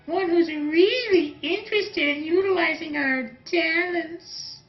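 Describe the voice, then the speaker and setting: Casting: a high, purring temptress, played by a man, roomy room. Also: slow. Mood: seductive. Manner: purring, coaxing. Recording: roomy, dull sound, faint music.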